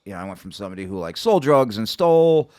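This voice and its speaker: A man with a fairly low voice talks as a guest on a casual podcast. He tells his story in an animated way, slipping into the voices of people he quotes and filling the gaps with "like" and "uh". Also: quick pace. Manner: animated, acts out quoted voices, many fillers.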